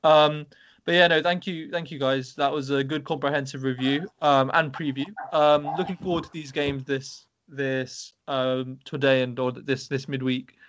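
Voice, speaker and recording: A man's voice: medium pitch, little pitch movement, a bit bright, muffled recording. Young man hosting a football podcast. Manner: brisk, moves the panel along with quick questions. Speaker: podcast host. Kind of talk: casual football chat.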